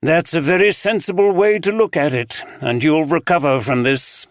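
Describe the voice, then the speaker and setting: A man's voice: a little high, normal speed, no room sound, studio quality, pitched above the performer's own voice, natural voice. A male narrator voicing a kind actor who consoles and apologizes to a friend. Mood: kindly. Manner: apologetic, kindly.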